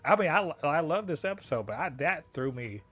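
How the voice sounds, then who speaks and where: Animated, profane man reviewing a show. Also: a little high, a little fast, dry recording, soft background music. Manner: animated, profane, laughs often, exclaims in disbelief. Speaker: podcast co-host reviewing a TV episode. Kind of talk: casual review chat.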